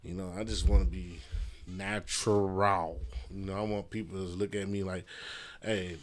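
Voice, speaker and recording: Low-voiced casual man podcasting, loose and profane. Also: level tone, moderate pace. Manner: loose, profane, rambling with fillers. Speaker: podcast host. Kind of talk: casual solo podcast monologue. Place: messy room at home. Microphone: podcast mic.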